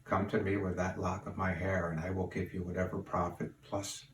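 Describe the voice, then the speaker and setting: A man's voice: sits low, level tone, moderate pace, natural voice. A man playing a cocky teenage cousin. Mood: confident. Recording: roomy, distant mic, faint hiss.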